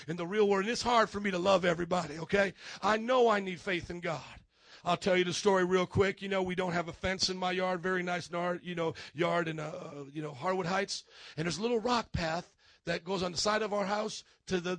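A man preaching in a church, telling lively stories and acting out his neighbors, swinging from loud to quiet. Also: high-pitched, no echo. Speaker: pastor. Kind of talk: sermon.

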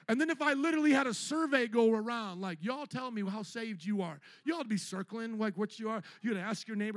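A pastor delivers an animated sermon, his voice sitting unusually high for a man. He mimics members of his congregation and builds to ringing shouts. The sound is close and dry, with almost no room echo. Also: a little fast. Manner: animated preaching, acting out church members in put-on voices, shouting at peaks. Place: church.

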